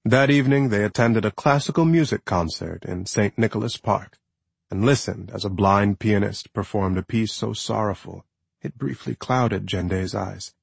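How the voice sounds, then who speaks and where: A man reading a novel aloud as narrator, measured and expressive. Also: lowish voice, creaky, slightly rough, dry recording. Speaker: audiobook narrator. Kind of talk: scripted narration.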